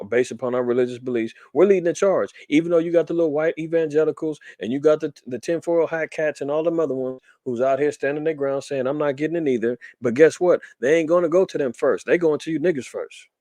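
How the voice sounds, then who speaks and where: A man's voice: mid-range voice, no echo. A man hosting a commentary show, reading articles aloud and riffing on them with rhetorical questions. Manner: animated, rhetorical questions, reads then riffs. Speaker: podcast host reading and commenting on news.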